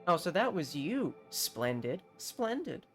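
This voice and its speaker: A smug, aristocratic mercenary captain, as a man puts him on while reading game dialogue aloud. He speaks in a haughty, drawn-out, theatrical way, pitched a touch high and rather slow. Faint game music plays behind him. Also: big pitch swings. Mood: pompous.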